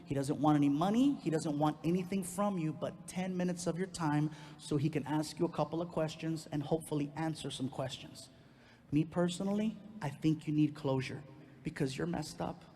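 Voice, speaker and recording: A male comedian voicing his calm, blunt girlfriend in a lower, softer, matter-of-fact tone. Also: moderate pace, slight background noise, close to an everyday voice. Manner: low, soft, matter-of-fact.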